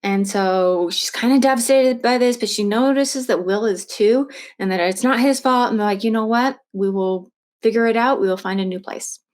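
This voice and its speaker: A woman's voice: a little high, moderate pace. Chatty woman retelling a true crime story. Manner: chatty, many fillers and restarts. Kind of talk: casual storytelling.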